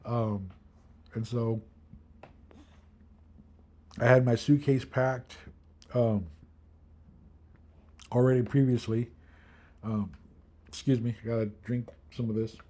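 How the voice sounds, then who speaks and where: A man in his thirties from the Milwaukee area, a kidney transplant patient, casually tells a personal story in a mellow, mid-range, steady voice. He takes it slowly with frequent pauses, rambling with many fillers and acting out what others said.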